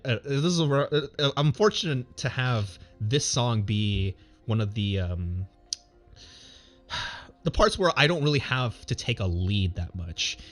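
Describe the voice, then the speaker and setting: A man in the middle of pitch tells a personal story off the cuff. He rambles, restarts and stacks up fillers, and slips into chuckles as he goes. It sounds like a streamer chatting to his audience from his home setup. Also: a bit bright. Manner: rambling, many fillers and restarts, laughs while telling. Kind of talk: casual storytelling.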